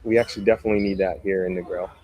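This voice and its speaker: A man with a low, fairly flat voice hosts a live stream from outdoors near a beach. He reads news articles aloud and keeps breaking off for relaxed, chatty asides to his viewers. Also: rapid-fire, low-quality recording.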